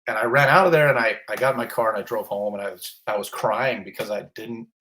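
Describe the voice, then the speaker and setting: Animated bright-voiced storytelling man. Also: fairly low pitch, fast talker, slight background noise. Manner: animated, self-mocking storyteller acting out quotes. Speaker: fire captain, guest. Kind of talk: casual storytelling interview.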